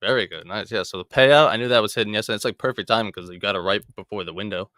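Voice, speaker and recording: A man's voice: lowish voice, rapid-fire, sharp tone, no room sound, studio quality. Laid-back young man talking trades. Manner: loose, joking, talks while scrolling charts. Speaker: trading show host. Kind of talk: casual chat reviewing trades.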